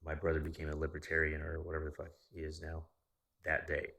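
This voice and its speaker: A man's voice: extremely low pitch, fast talker, creaky, husky. A young man casually telling a long story, swearing often and acting out what others said. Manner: profane, animated retelling of a story.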